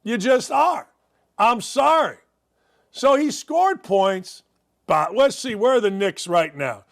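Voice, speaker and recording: A man's voice: very high voice, expressive, slow. A man hosting a sports talk show, ranting in a sarcastic, mocking way about sports and politics. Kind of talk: opinionated sports and politics rant.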